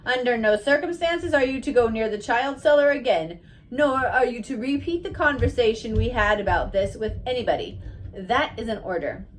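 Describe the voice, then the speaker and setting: A woman's voice: on the high side, lively intonation, moderate pace, slight background noise, lightly acted. A woman reading aloud, voicing a stern male official who speaks with emphasis and gives orders.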